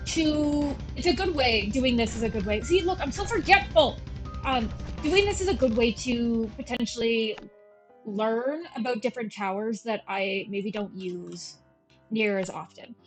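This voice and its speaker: This gameplay streamer, a woman in her thirties, has a slightly high, animated Valley Girl voice and a measured pace. She rambles casually and pokes fun at herself. The recording is rough, with faint game music in the background.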